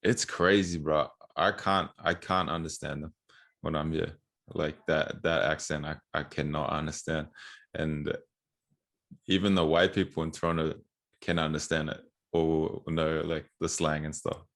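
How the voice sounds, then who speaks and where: Man with an extremely deep, flat voice. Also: a little slow. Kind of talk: casual podcast chat.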